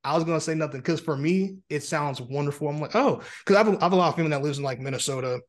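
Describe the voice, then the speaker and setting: A man's voice: a little high, racing. A man hosting a podcast in a casual, playful chat, teasing his guest and often repeating himself. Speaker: podcast host.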